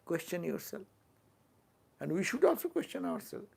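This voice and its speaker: An older monk with an Indian English accent preaches in a high, gravelly, husky voice that is very animated. His sermon is fervent, and he regularly puts questions to his audience, often as quick tag-questions.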